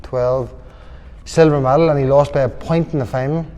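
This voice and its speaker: A young man with a Northern Irish accent rambles through stories in a loose, laughing way. His voice sits in the middle of the pitch range for a man. It carries a long reverb, like a big hall. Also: fairly even intonation, normal speed, dark tone. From Northern Ireland. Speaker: boxer guest. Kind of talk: casual interview chat.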